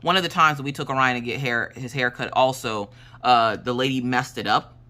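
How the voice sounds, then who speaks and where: A woman's voice: a bass voice, fairly quick, pushed and bright. A woman in her late thirties from South Carolina, with a mixed Pennsylvania and Southern accent, telling a jokey story in a casual craft-along chat. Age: late 30s. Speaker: crafting vlogger.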